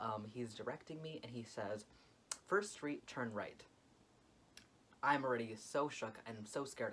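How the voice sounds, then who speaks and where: A young man vlogging a dramatic storytime, expressive and full of "like" fillers. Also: medium pitch, slight background noise. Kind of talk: storytime vlog.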